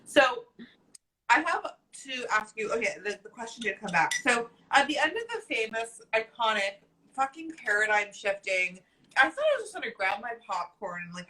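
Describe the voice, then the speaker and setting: A woman's voice: medium pitch, sharp tone, poor audio. A woman hosting a casual chat, gushing and playful, swearing freely. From New Jersey. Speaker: host.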